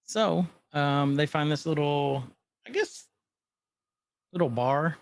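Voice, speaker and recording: A man's voice: fairly high pitch, animated, vocal fry, no room sound. A man co-hosting a podcast, chatting casually and rambling as he retells scenes. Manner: rambling, retells scenes with quick quoted lines. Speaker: podcast co-host. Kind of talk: casual chat recapping a TV episode.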